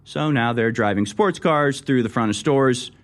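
Guy on talk radio, sarcastic and mocking, kinda rambling, mid-pitched. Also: normal speed. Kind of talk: sarcastic political commentary.

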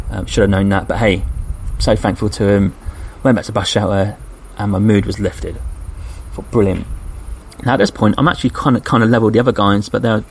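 A man's voice: fairly low pitch, vocal fry, a little hiss or hum. Chatty English man telling a travel story. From England. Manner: chatty, animated when quoting people. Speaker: podcast host.

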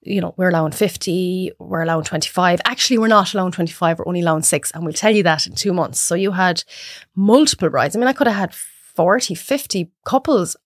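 Irish woman, 30s, guest; animated storyteller, dry close mic. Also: on the low side, fast, dry recording. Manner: animated storyteller acting out quotes. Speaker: podcast guest. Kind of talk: casual chat.

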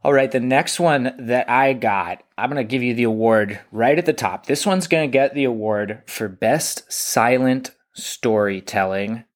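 A man's voice: medium pitch, measured pace, few pauses. A man co-hosting a casual chat, enthusiastically retelling scenes from a comic in detail. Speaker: podcast co-host.

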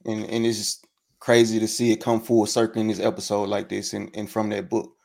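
A man hosting a podcast, chatting in a laid-back way with halting phrasing. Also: on the low side, completely flat delivery, vocal fry, darkish tone. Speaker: podcast host. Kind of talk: casual chat.

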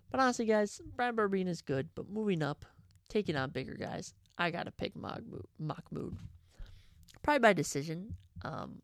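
A woman hosting a podcast, making casual sports predictions in a chatty, excitable way that keeps correcting itself. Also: lowish voice, vocal fry, no echo, studio quality. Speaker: podcast host.

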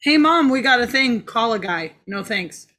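A woman's voice: fairly high pitch, expressive, normal speed, bright, forceful tone. A woman in casual movie-review chat, sarcastic and swearing, acting out scenes. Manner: sarcastic, swears, acts out quotes.

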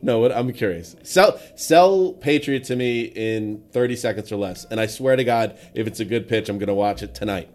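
A man co-hosting a podcast, talking in a casual, animated and teasing way. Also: moderate pace, few pauses. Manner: animated, teasing, jumps into high put-on voices. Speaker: podcast co-host. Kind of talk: casual chat.

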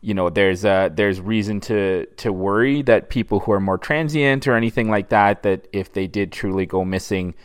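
A man's voice: lowish voice, moderate pace, few pauses, smooth. A man co-hosting a podcast in casual chat, easygoing and given to wry asides. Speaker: podcast co-host. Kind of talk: casual chat about a TV series.

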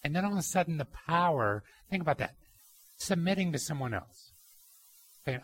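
A young adult man preaching a sermon, telling anecdotes with lively mimicry and shifting emphasis. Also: mid-range voice, a little fast, no room sound. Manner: animated storytelling, mimics people in anecdotes. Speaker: pastor.

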